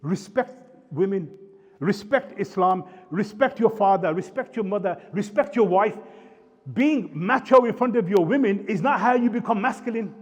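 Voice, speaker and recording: Blunt Birmingham man lecturing a live audience, high-pitched, heard in a reverberant hall. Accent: Birmingham English. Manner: blunt, scolding, street-style slang. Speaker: panel speaker. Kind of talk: impassioned live talk. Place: community centre hall. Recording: roomy hall, dull sound.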